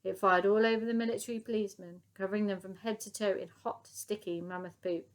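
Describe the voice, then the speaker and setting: A woman reading a children's book aloud in a lively, expressive way, chapter by chapter. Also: mid-range voice, fast. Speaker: storybook reader.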